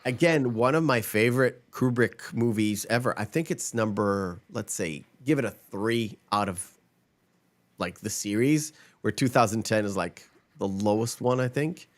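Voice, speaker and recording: A man's voice: on the low side, measured pace. A man hosting a podcast in casual chat, rambling and emphatic, swearing freely. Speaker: podcast host.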